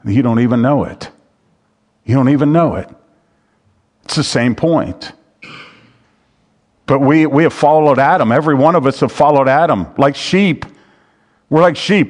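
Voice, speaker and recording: A man preaching a sermon as pastor. He talks in a conversational way, reads scripture aloud and repeats his key phrases. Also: mid-range voice. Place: church sanctuary. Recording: long hall reverb.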